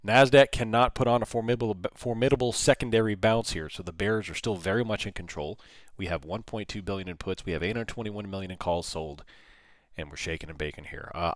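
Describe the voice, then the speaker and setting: A man hosting a live trading stream, giving animated, folksy market commentary straight to his viewers. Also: lowish voice, fairly quick, no room sound, clean studio sound. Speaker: options trader hosting a livestream.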